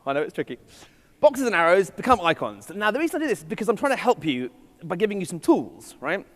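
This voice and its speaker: An English-accented conference speaker gives a keynote to a live audience on a festival stage in a large hall, with playful, self-mocking asides. His high voice has a sing-song lilt and a quick pace. The big hall adds long reverb.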